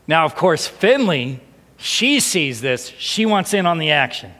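Man, pastor, animated storytelling, hushed emotional moments, reverberant hall. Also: fairly high pitch, moderate pace. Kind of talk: storytelling sermon.

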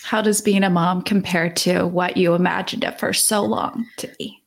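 A woman interviewer asking gentle, reflective questions in a conversational way. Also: lowish voice, steady tone, moderate pace, gravelly.

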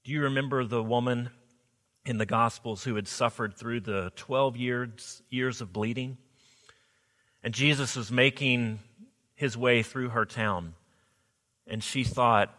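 A man's voice: medium pitch, a little slow, sharp tone. A man preaching a sermon as pastor, earnest, often asking the congregation rhetorical questions. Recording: long hall reverb.

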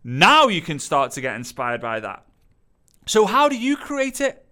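A man giving an animated motivational talk, acting out quotes in playful voices. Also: on the high side, measured pace. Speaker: motivational speaker.

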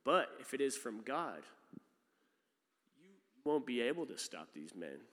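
A man's voice: mid-range voice, sing-song, a little slow, fairly bright tone. Casual preaching man in a reverberant hall. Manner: casual, conversational preaching with many fillers. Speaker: pastor. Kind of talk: sermon.

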